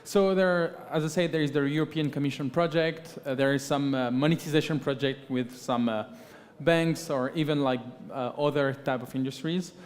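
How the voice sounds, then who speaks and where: A man speaking as a guest on a conference stage, his voice sitting a little higher than most men's. He talks hesitantly, with many fillers, and keeps tagging "right?" onto his points. His voice rings out with a long reverb in the large hall. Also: steady tone, moderate pace, hardly any pauses. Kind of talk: conference panel talk.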